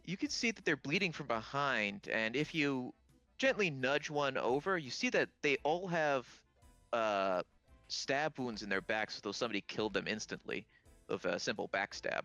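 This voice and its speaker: Bright-voiced game master narrating. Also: male voice, medium pitch, expressive, moderate pace, dry recording, faint music behind. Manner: descriptive, asks players what they do.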